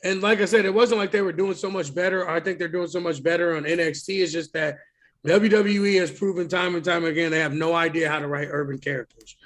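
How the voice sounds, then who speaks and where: Blunt high-voiced male podcast co-host. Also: fairly even intonation, quick pace, fairly bright tone. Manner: blunt, emphatic and profane. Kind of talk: casual wrestling podcast chat.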